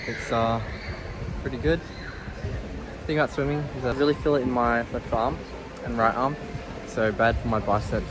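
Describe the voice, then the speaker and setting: A young Australian fitness vlogger talks casually through his training in an upbeat, laid-back way. He has a mid-range voice.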